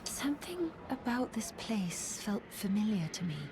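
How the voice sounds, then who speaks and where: A hushed, resolute game heroine, sad and lonely before a departure, in whispered role-play. Her mid-pitched voice sits over clear background noise in the game audio. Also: big pitch swings, moderate pace. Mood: somber. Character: solemn lonely woman about to depart.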